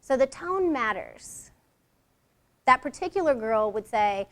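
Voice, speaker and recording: Woman running a workshop, high voice, chatty, acts out little lines now and then. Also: very animated, measured pace, pauses often. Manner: conversational, acts out example lines in different tones. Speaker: workshop leader. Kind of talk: workshop presentation.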